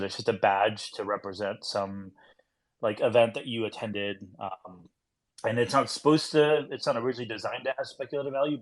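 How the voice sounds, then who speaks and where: A man in a casual podcast discussion, talking in a rambling way with lots of "like" and restarts. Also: lowish voice. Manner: rambling, heavy use of "like".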